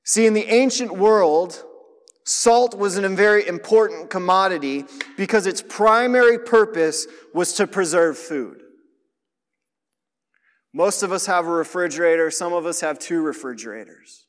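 A man's voice: high voice, unhurried, long reverb tail. A man giving a sermon as a pastor, speaking in a conversational, direct way and drawing the listeners in. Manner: conversational preaching, asks listeners to notice.

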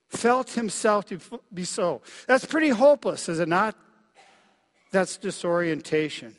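A middle-aged man from Minnesota preaching a sermon as pastor, reflective and halting, with frequent fillers and soft dips in his voice. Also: high voice, animated. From Minnesota, USA. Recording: long reverb of a large hall.

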